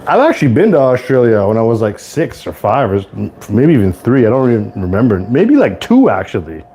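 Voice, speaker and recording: A young man from Toronto hosting a casual live cooking stream, rambling to viewers in relaxed slang from his home kitchen. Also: mid-range voice, fairly quick, slight background noise. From Toronto, Canada. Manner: laid-back rambling slang-heavy talk to viewers. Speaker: livestream host.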